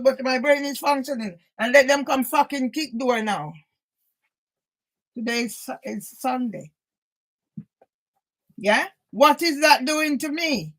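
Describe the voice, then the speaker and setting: Her voice high and a bit bright, a woman vlogger delivers an angry, emotional monologue to camera, agitated and swearing heavily while she keeps asking "yeah?". At times she is near tears, and the recording is rough.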